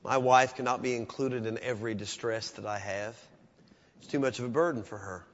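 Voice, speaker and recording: A pastor preaching a sermon, swinging from loud raised peaks down to hushed, low passages. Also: male voice, fairly quick. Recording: dull sound with long church reverb.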